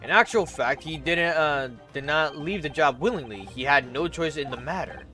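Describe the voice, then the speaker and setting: A man's voice: a little high, moderate pace, sharp tone, faint music behind. A man voicing a guarded, evasive middle-aged prison governor in an attempted Scottish accent, reading game lines aloud and tripping over words.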